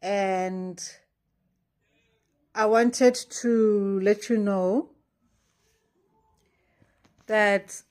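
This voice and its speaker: A woman's voice: medium pitch, steady tone, extremely slow, pauses often, darkish tone. Earnest woman in a rambling faith vlog. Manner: earnest, rambling, self-interrupting. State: anxious, near panic. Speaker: faith vlogger. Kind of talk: casual diary-style vlog.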